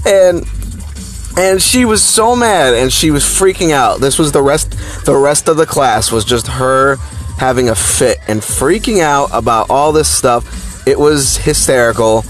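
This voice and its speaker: A man telling a personal childhood story in a rambling, animated way, with lots of fillers and restarts. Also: medium pitch, unhurried, soft background music.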